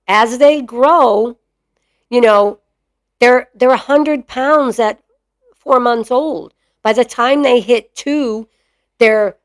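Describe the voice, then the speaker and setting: A woman's voice: mid-range voice, no room sound. A middle-aged woman hosting her own podcast in a chatty, opinionated monologue, full of fillers. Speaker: mastiff breeder and podcast host.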